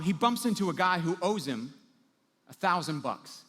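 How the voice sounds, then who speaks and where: A man preaches a sermon to a live audience with a fairly high voice, telling the story casually and acting out the people in it. The sound is a large hall with a long reverb trailing every phrase. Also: expressive, normal speed, a bit bright. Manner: casual storytelling, acts out quoted characters. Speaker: pastor.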